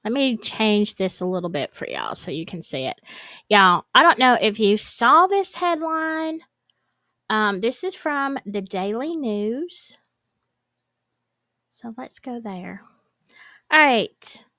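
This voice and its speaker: Chatty woman with a lively voice. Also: on the high side, slow, pauses often, no room sound. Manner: chatty, rambling, laughs often. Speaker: host. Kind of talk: casual chat to a live audience.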